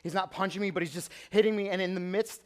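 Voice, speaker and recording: Earnest young guy preaching to youth, hushed then emphatic, big echoey church hall. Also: high voice, fairly even intonation, fast. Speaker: youth pastor. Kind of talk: personal story sermon. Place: church auditorium. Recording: long hall reverb.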